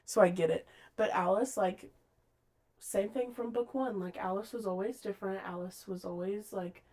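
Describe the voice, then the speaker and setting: A woman co-hosting a casual book podcast, retelling scenes with lively acted-out lines. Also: medium pitch, moderate pace. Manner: animated, acts out characters' lines mid-story. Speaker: podcast co-host.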